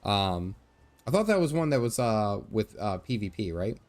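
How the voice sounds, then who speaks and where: Lively, chatty male game streamer. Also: on the low side, normal speed. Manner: chatty, laughs often, reads game text aloud. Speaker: gaming livestreamer. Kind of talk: casual game livestream chat.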